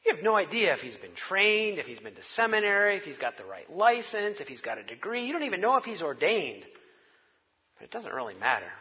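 A man's voice: high voice, sing-song, a little fast, husky, in a large hall, muffled recording. A man preaching a sermon to his congregation, telling it like a wry, conversational story. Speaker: pastor.

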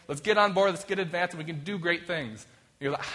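A man's voice: sits high, a little fast, pushed and bright. A man preaching a sermon in a conversational way, reading scripture and then acting out quoted voices to make his point. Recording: long reverb of a hall.

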